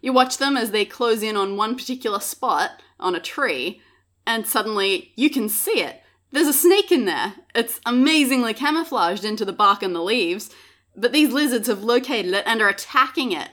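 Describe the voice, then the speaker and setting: A woman's voice: a little high, animated, normal speed, a bit bright. A woman narrating a tabletop game as game master, playful and often laughing.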